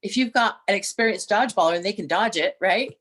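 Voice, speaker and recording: A woman's voice: medium pitch, quick pace, slightly rough. Chatty middle-aged woman telling stories. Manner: storytelling with frequent restarts and animated quoted voices. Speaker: podcast co-host. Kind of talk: casual chat.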